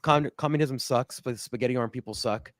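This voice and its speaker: Fast-talking man hosting a political chat. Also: medium pitch, dry recording, studio quality. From Cuban family. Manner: quick, repetitive restarts, blunt. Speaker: host.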